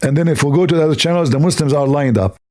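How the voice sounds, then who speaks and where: Very fast and dark-toned, a man with a fairly high voice runs a casual livestream. He rambles and gets sarcastic, speaking broken English that isn't his native tongue.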